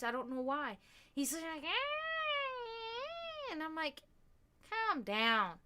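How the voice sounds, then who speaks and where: A woman with a high-pitched, somewhat bright voice hosts a livestream, chatting casually and rambling with her viewers. She uses lots of fillers and swears now and then.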